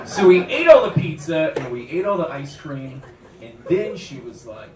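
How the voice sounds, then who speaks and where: A young man performing a stand-up comedy set on a club stage, animated, acting out quoted voices and jumping up in pitch for punchlines, with audience laughter behind him. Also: fairly quick, a crowd in the background. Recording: roomy club sound, taken from a distance, loud noise.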